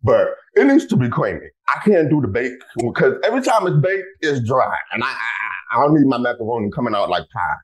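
A man in his twenties hosting a podcast, talking excitedly and casually with lots of exclamations. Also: mid-range voice, fairly quick, a crowd in the background, poor audio. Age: 20s. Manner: bubbly, animated, lots of exclamations. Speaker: podcast host.

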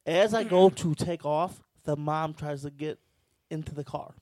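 A man tells a rowdy story to his podcast friends, profane and animated. His voice sits a little high. The sound is close and dry, with no room around it. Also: measured pace, no echo. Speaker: podcast co-host telling a story. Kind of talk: casual storytelling chat.

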